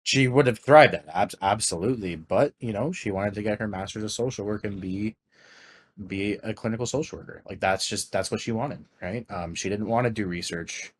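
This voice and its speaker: This Canadian man co-hosts a podcast and chats casually, rambling with many fillers and restarts. He talks briskly in a fairly low, husky voice.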